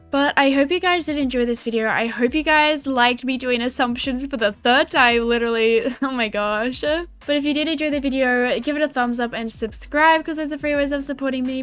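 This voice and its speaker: A teenage girl with an Australian accent chatting casually to her viewers in a vlog, bubbly and quick to giggle. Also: sits high, clean tone. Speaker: gaming YouTuber.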